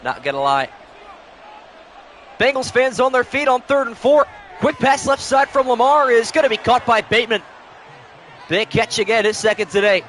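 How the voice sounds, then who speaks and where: A man's voice: extremely high pitch, animated, normal speed, long pauses, a bit bright, a faint crowd, slight background noise. A young man calling play-by-play on a live stream, switching between announcer-style calls and casual chat with viewers, short on sleep.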